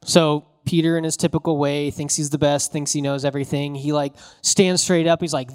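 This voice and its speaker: A man preaching in a relaxed, conversational way, his voice sitting a little higher than most men's. He retells the story animatedly with casual slang, like talking to friends from the pulpit. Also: fairly quick. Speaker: pastor. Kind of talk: conversational sermon.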